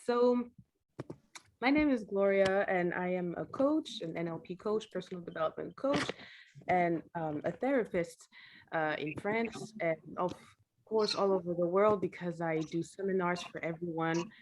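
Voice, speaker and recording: A woman working as an NLP coach, speaking to a group on a video call and leading a slow, soothing breathing exercise. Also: lowish voice, slight background noise. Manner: soft, slow and soothing when guiding the breathing. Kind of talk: guided breathing exercise and seminar talk. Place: home, late at night.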